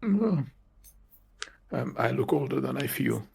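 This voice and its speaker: A man voicing a frail, gentle old man who speaks in a slow, soothing, halting way in a tabletop game. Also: medium pitch, expressive, faint music behind, exaggerated voice. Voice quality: gravelly, husky.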